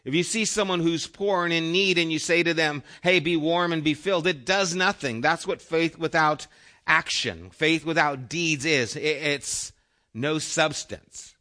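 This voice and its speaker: A middle-aged man preaching a sermon as pastor, earnest and conversational, asking the room questions and letting phrases drop soft. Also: fairly high pitch, measured pace.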